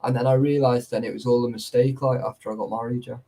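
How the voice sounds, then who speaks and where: A man in casual chat with friends, telling animated, sweary stories. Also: mid-range voice, quick pace, rough recording.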